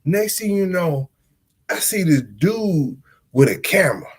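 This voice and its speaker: A man hosting a podcast, telling a story in a casual monologue. He talks in slang and swings between loud outbursts and low mutters. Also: animated, measured pace, breathy edge. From United States. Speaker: podcast host.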